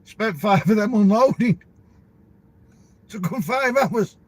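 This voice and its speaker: A middle-aged man with a broad Yorkshire accent chats to camera about his work as a truck driver. He rambles from story to story in a relaxed way, and his voice sits fairly high for a man. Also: takes it slowly, slightly rough. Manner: rambling, chatty, laughs between stories. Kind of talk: casual chat to camera.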